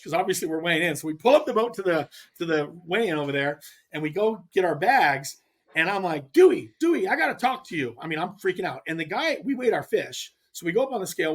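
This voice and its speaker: Male guest storyteller, rambling, animated, acts out dialogue, voice sits high. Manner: rambling with restarts. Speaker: podcast guest, pro angler. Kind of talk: casual storytelling.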